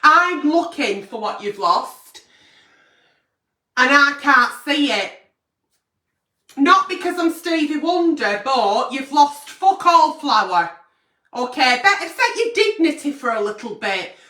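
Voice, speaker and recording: A brash woman hosts a late-night advice show. She is blunt and swears through every answer, and her voice is high and bright. The echoey room and her distance from the mic make her sound a little far off. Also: big pitch swings, slow pace. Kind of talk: late-night agony aunt chat.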